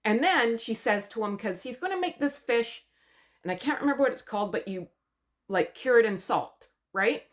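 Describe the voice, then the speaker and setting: A woman's voice: on the high side, lively intonation, normal speed. A woman from Canada giving a gossipy, sarcastic recap of a TV show, chatty and mocking. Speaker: commentary vlogger.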